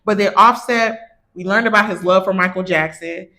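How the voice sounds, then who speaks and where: A woman's voice: medium pitch, moderate pace, bright, forceful tone. Blunt, sassy woman podcast host. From born in Haiti, raised in Virginia. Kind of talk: casual chat.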